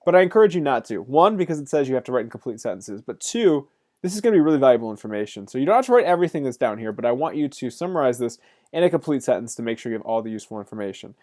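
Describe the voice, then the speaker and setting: A man's voice: medium pitch, very animated, very fast, a little mellow. A man teaching a recorded college course lecture, upbeat and jokey as he speaks straight to his students. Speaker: college instructor.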